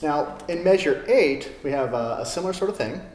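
A man giving a relaxed classical guitar lesson, with many fillers as he talks. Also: fairly high pitch, a little fast. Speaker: guitar teacher. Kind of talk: video lesson. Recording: roomy studio with long reverb. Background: classical guitar playing.

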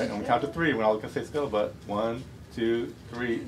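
A man's voice: medium pitch, quick pace, hardly any pauses. A man, the author, reading his picture book to children in a bookstore and joking with them. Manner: playful, joking with kids. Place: bookstore, indoors. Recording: distant mic, noisy bookstore.

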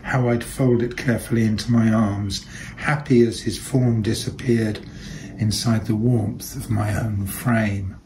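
Slow, low-voiced man reading fiction. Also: steady tone, a little mellow, slight background noise, low-quality recording. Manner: measured, deliberate delivery. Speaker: reader.

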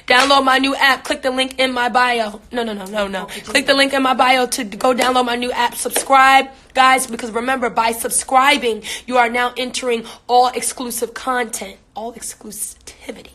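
A woman's voice: a little high, steady tone, measured pace, pushed and bright. Chatty woman livestreaming on a phone. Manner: chatty, laughs often, reads out comments. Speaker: social media personality. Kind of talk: casual livestream chat with viewers.

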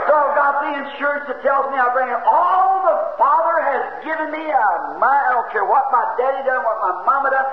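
A fervent male preacher with a notably high voice, swinging from hushed asides to ringing shouts. His folksy phrasing carries through an echoey church. The old tape is dull and lo-fi, with a faint hiss underneath. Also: expressive, a little fast, hardly any pauses. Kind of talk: fiery sermon.

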